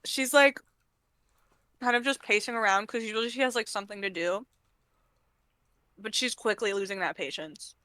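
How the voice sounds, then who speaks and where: A woman playing a tabletop game, relaxed as she describes her character's actions. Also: medium pitch, normal speed, long pauses, no echo. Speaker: player.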